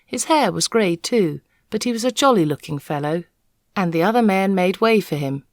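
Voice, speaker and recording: Expressive woman reading a storybook. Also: mid-range voice, no echo, clean studio sound. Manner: measured, lively storyteller. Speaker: storyteller reading a children's novel. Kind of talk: expressive read-aloud narration.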